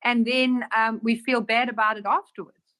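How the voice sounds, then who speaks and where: A woman teaching in a casual spiritual talk, her voice sitting on the higher side. She talks animatedly and slips into acted-out dialogue with a raised voice. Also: little pitch movement, normal speed, sharp tone.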